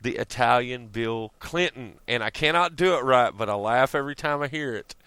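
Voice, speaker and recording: A vlogger rambles through a profane rant, chuckling at his own jokes, in a mid-range voice at normal speed. His tone is bright, sharp, smooth and clear, and the sound is close and dry with no room echo.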